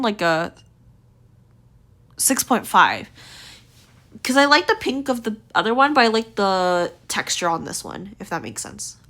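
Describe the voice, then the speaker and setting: This young woman, a gaming video creator, chats casually through outfit ratings, rambling and using lots of fillers. Her mid-range voice is a bit bright but tiring and slightly strained.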